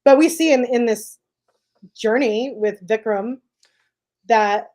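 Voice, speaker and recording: A woman's voice: fairly high pitch, slow pace, darkish tone. A woman co-hosting a podcast, talking casually and thinking aloud, with lots of "like" and "right?" as she works through her points. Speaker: podcast co-host. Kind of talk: casual discussion.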